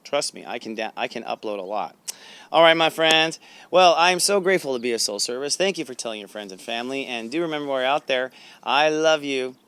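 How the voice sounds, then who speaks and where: A man with a smooth, resonant voice hosts a spiritual guidance talk. He speaks in a chatty, animated and self-assured way, coaching his viewers as a sensei would. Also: mid-range voice, a little fast. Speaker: spiritual intuitive host.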